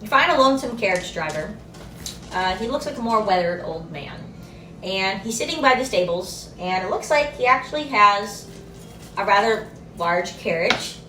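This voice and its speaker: A woman's voice: mid-range voice, expressive, moderate pace, sharp tone, roomy sound, recorded from a distance, slight background noise, rough recording. A woman narrating as dungeon master, describing scenes and voicing the townsfolk. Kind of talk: narrating a tabletop game.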